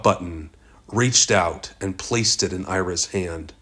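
Male audiobook narrator, low husky voice, slow steady read. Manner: steady, measured reading. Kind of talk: scripted narration.

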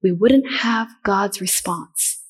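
A woman's voice: mid-range voice, slow, slightly rough. A middle-aged woman preaching a sermon in an earnest way, asking the listeners questions and repeating her key points.

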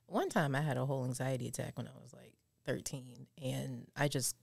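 Woman from Compton, candid storyteller, low fry-heavy voice. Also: steady tone, fairly quick, darkish tone, no echo. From Compton, California. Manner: candid, storytelling with acted-out quotes. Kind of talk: casual chat.

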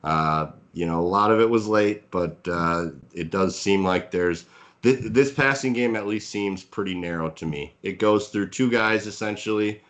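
A man's voice: fairly low pitch, normal speed, a bit bright. A man co-hosting a fantasy football podcast, giving casual analysis with many fillers and hedges. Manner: hedging, filler-heavy, analytical. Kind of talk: casual sports analysis chat.

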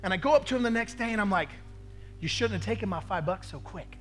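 A male pastor delivers a sermon, spinning a personal story and acting out the voices of the people in it. He keeps checking in with the room through quick "right?" asides. His voice sits high, with soft music faintly underneath. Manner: storytelling with lively acted quotes, frequent "right?" asides.

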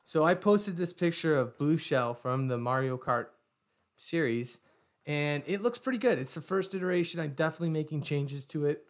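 A man co-hosting a casual podcast, upbeat and joking as he shows off a project. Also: medium pitch. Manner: upbeat, joking, showing off a 3D print. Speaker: podcast co-host.

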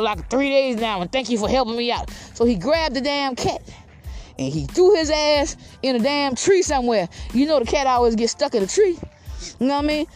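High, animated woman, casual comic storyteller, rambles and swears freely. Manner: rambling, cusses, tags lines with filler questions.

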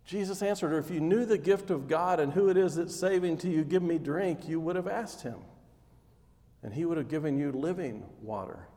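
High-pitched guy preaching, animated storytelling, big echoey hall. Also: moderate pace. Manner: animated storytelling, acting out scenes with rising intensity. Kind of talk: sermon. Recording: long hall reverb.

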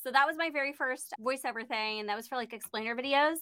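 A woman voice actress on a panel, telling a funny anecdote in an animated, laughing, self-mocking way. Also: sits high, quick pace, clean tone, no room sound.

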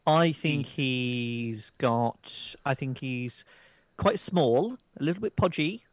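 A man's voice: mid-range voice, slow pace, no echo. A man co-hosting a casual podcast, making wry remarks. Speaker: podcast co-host. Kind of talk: casual banter.

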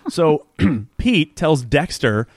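A man's voice: on the high side, big pitch swings, extremely slow, no echo. A man co-hosting a podcast, casually retelling a TV episode scene by scene and quoting the characters. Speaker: podcast co-host. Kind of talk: casual recap chat.

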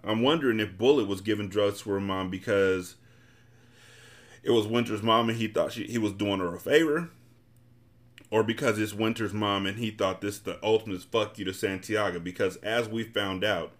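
A man's voice: on the low side, normal speed. A man hosting a podcast, reading a novel aloud and then commenting bluntly and casually. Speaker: podcast host and reader.

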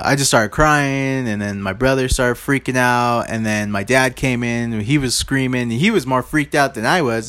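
A man's voice: mid-range voice, a bit bright. A man hosting his own podcast, telling loose, rambling stories in a casual, informal way and often speaking to his listeners directly. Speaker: podcast host.

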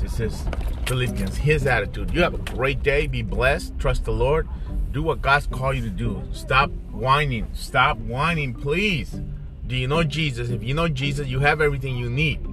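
A male pastor giving a morning devotional message from his car, exhorting listeners with short repeated urgings. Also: mid-range voice. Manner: exhorting, repetitive, direct address.

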